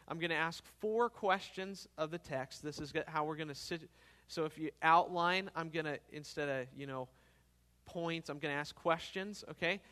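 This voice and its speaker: A pastor with a voice on the high side preaches an expository sermon. He is earnest, swells louder on key phrases, and checks in with the congregation.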